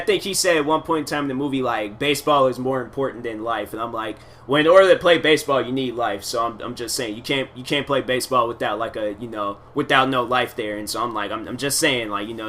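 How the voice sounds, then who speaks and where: A man's voice: mid-range voice, sharp tone. A man talking alone in a loose, rambling way, retelling a movie and giving his opinions, full of fillers, repeats and casual slang. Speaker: solo podcast host.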